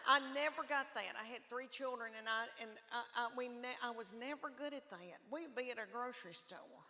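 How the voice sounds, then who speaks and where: Middle-aged woman comic, folksy self-deprecating drawl, higher voice, live theater reverb. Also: a little fast, pushed and bright. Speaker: stand-up comedian. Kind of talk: stand-up comedy set. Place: large theater stage with audience. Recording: live hall reverb, faint ambience.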